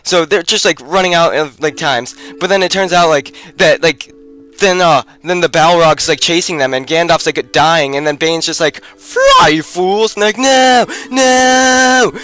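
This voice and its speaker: Rambling, higher-voiced game commentator. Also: male voice, fairly even intonation, moderate pace, fairly bright tone, faint music behind. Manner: rambling, filler-heavy retelling with "like"; breaks off to narrate his own play. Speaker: gameplay commentator.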